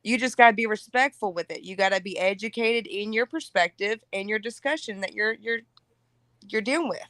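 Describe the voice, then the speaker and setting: A woman's voice: mid-range voice, brisk, fairly bright tone, no room sound. A woman with a Southern US accent, a guest on a casual panel discussion, talking candidly and laughing easily. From Alabama, US South.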